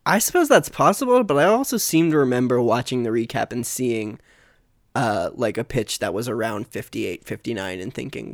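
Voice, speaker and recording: A man co-hosting a casual podcast and rambling through a story with lots of fillers. His pitch sits mid-range. The sound is dry and close. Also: lively intonation, normal speed, gravelly, no room sound. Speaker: podcast co-host. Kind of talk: casual chat.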